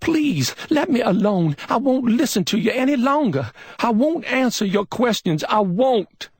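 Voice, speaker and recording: A man's voice: sing-song, measured pace, mellow, slightly rough, dry recording, clean studio sound, full character voice. A man doing a frightened pleading young woman. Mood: screaming, desperate. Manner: pleading, high strained voice. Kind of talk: audiobook character voice.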